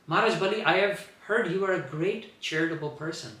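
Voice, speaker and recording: Man doing gentle humble brahmin boy, bright tone, very echoey room. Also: high-pitched, brisk, pitched above the performer's own voice. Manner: meek, gentle.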